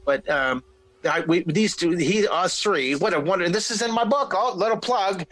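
A middle-aged man telling a story in a casual interview, animated, restarting sentences and acting out what people said. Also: high-pitched, moderate pace, dry recording, low-quality recording. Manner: animated, lots of restarts, acts out quoted voices. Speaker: guest telling his career story.

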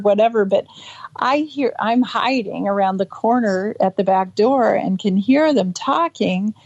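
A woman interviewed about a childhood memory, talking in halting bursts with many restarts and acting out the voices she quotes. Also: a little high, expressive, darkish tone. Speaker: interview guest. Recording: dull lo-fi audio.

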